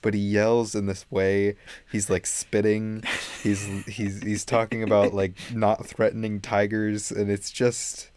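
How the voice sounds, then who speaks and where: A man's voice: lowish voice, little pitch movement, a little slow, a little mellow, smooth. A man co-hosting a casual film discussion, rambling and exasperated, with frequent restarts. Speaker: podcast co-host.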